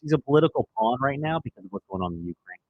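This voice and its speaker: An American man co-hosting a talk radio show, telling stories in quick, lively casual banter. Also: mid-range voice, slightly rough, no room sound, narrow, tinny audio.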